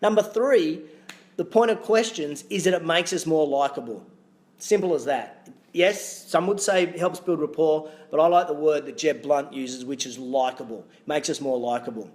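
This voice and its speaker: An Australian man hosting his own video podcast as a fitness business coach, talking to camera in an upbeat, energetic, motivational way with punchy asides. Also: on the high side, normal speed.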